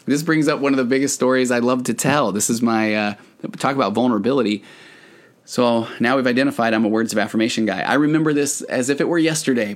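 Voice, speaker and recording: A man in his forties, a marriage therapist hosting a casual podcast, telling stories in a chatty way with many fillers. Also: fairly low pitch.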